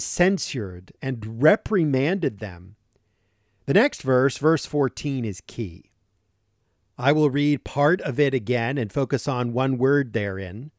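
A male preacher delivering a sermon at a slow, unhurried pace, pressing hard on key words. His voice sits at a middle pitch. It is recorded close and dry, with no room sound. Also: a little mellow, dry recording. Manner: slow, deliberate and emphatic, stressing key words. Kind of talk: sermon teaching from scripture.

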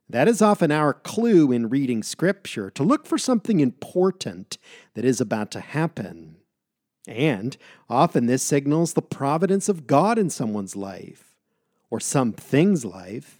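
A man reading scripture aloud and pausing to explain it, leaning on key words with measured emphasis. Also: medium pitch, sing-song, darkish tone, dry recording, clean studio sound. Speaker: Bible teacher. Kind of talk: Bible reading with commentary.

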